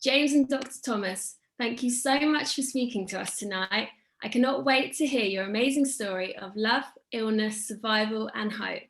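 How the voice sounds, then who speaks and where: A woman introducing the guests of an evening talk in a warm, enthusiastic way. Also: a little high, moderate pace, vocal fry, hardly any pauses. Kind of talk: scripted introduction.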